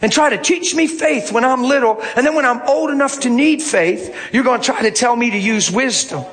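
Brief: male preacher with a high voice, animated sermon storyteller. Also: brisk, noisy background. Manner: animated, swings from low murmurs to shouting. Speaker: pastor.

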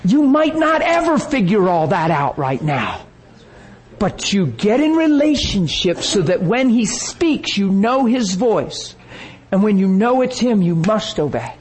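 Animated preacher, a man with a raised voice. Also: sits high, a little slow, low-quality recording. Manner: animated storytelling that acts out the people it quotes. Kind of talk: sermon.

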